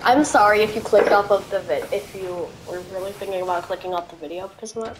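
A playful woman chatting over her gameplay in a loose, offhand way. She flips between silly asides and loud, exasperated outbursts at the game, with a faint hum of ambience behind her. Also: medium pitch, fast, hardly any pauses. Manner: goofy, sings made-up silly songs between remarks; bursts into frustrated shouts and cursing at the game. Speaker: gaming video host. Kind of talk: casual gameplay commentary.

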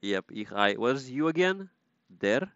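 A man's voice: medium pitch, big pitch swings, measured pace, a bit bright, no echo, muffled recording. A man streaming a game, casually chatting and playfully repeating foreign words to practice them. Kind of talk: casual gaming live-stream chat.

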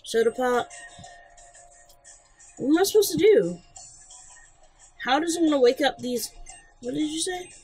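A woman's voice: high voice, lively intonation, measured pace, pauses often, darkish tone, faint music behind, low-quality recording. A woman giving casual, blunt gameplay commentary, joking and swearing freely. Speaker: let's play host.

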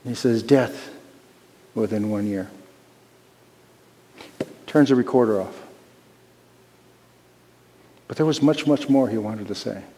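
A man pastor preaching a sermon in a church sanctuary, slow and emphatic, repeating his key phrases. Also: mid-range voice, warm tone. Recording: long reverb of a large hall.

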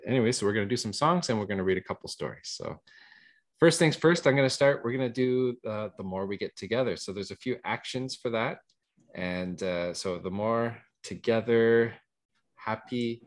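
A man leading songs for young children over a video call, friendly and quick to laugh. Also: lowish voice, gravelly. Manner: friendly, laughs easily, chatty fillers. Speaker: early years facilitator. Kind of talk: children's singalong, casual.

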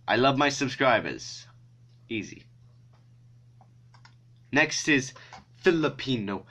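Guy vlogging, bright voice, swings up and down a lot, swears, makes fun of himself. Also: medium pitch, lively intonation, slow pace, pauses often. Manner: self-mocking, swears a lot. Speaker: YouTuber. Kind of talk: casual vlog chat.

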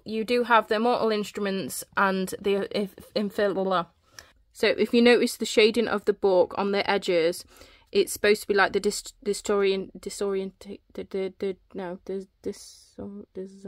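A woman giving a casual home library tour, out of breath and chatty, often stumbling over her words while holding the camera. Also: medium pitch. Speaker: book vlogger. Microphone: handheld camera.

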